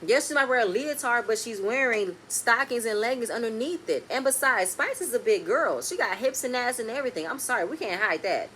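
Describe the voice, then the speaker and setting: High-ish voiced woman, ranting about a reality show, faint hiss behind. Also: a little fast, hardly any pauses. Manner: animated, blunt and swearing, swings between loud and quiet. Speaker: reality TV recap host. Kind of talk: casual episode review.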